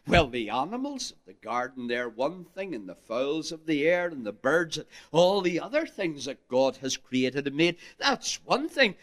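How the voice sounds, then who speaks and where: A male preacher delivering a sermon with a lively, swooping voice that sits a little high for a man. He leans hard on key words, rising and falling with emphasis, and he calls out to his listeners as "my friends.". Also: moderate pace, hardly any pauses. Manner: archaic King James phrasing.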